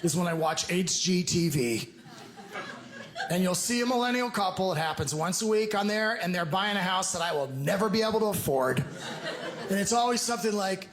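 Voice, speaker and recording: A middle-aged man doing a stand-up comedy set in a club, teasing the crowd and slipping into mocking, drawn-out impressions. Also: high-pitched, lively intonation. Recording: noisy club room audio.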